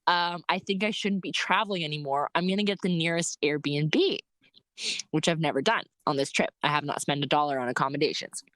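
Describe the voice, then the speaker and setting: A young woman casually telling a story about her bike trip, animated, laughing often and filling her talk with "like". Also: low voice, fairly quick, dry recording.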